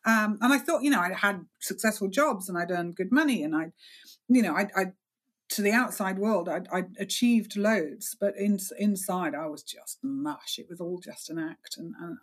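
A middle-aged woman speaks openly as a guest, with a wry, self-deprecating edge. Her voice sits at a medium pitch for a woman, and she talks frankly and plainly. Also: a little fast. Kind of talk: candid interview talk.

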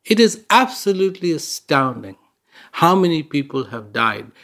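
A man's voice: a little high, very animated, moderate pace, fairly bright tone. A man giving an inspirational talk, telling stories in a conversational way and repeating words for emphasis. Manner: conversational storyteller with fillers. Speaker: speaker giving a reflective talk.

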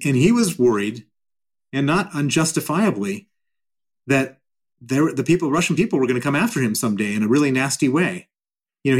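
A man's voice: medium pitch, breathy edge. Blunt, emphatic man being interviewed. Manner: blunt, emphatic, repeats phrases for stress. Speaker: guest. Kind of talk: interview answers.

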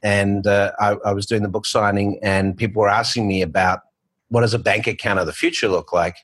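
Australian man, middle-aged, husky low voice, dry recording, rambling interview guest. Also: flat delivery, brisk, fairly bright tone, no room sound. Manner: rambling, restarts and fillers, storytelling. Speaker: guest, bank founder. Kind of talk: conversational interview.

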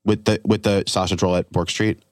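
A young man hosting a comedy podcast talks quickly in a slightly low voice. He tells his stories in an animated way and acts out the other people's lines. The sound is dry and close. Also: no room sound. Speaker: podcast host. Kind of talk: casual comedy podcast chat.

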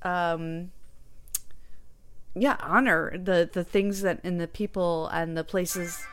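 Young woman performer chatting, smooth clear voice, rambly and laughy, pokes fun at herself. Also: fairly low pitch, takes it slowly. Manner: animated, rambling, laughs often, self-deprecating. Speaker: guest performer and musician. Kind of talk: casual podcast conversation.

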